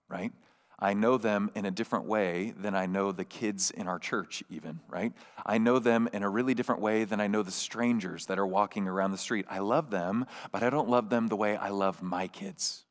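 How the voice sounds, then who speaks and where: A man in his thirties delivering a sermon in a fairly low voice. He talks to the congregation like friends, earnest and conversational, often restarting and checking in with "right?". He laughs warmly now and then. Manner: laughs warmly while telling stories. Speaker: pastor.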